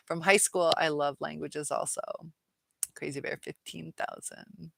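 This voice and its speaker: A woman hosting a casual live chat, reading out viewer comments, chatty and quick to laugh. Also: low-pitched, steady tone, creaky, fairly bright tone, no room sound.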